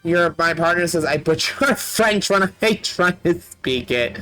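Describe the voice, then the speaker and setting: A let's play streamer from Canada, chatting casually with viewers over gameplay, excitable and quick to laugh with loud playful outbursts. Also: medium pitch, faint music behind, rough recording.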